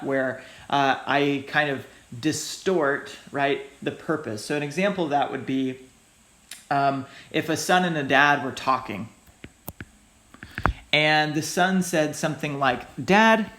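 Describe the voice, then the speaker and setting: A man's voice: medium pitch, fairly bright tone, echoey room. A male teacher giving a recorded lecture in a loose, hedging way, often checking in with "right?" and "okay?". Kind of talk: recorded lecture explaining logic.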